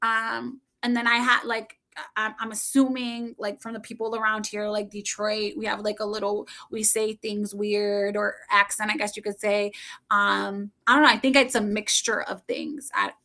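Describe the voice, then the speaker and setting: Bright-voiced chatty middle-aged woman. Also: mid-range voice, moderate pace. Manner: rambling, chatty, laughs often. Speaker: livestreamer. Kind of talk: casual chat with viewers.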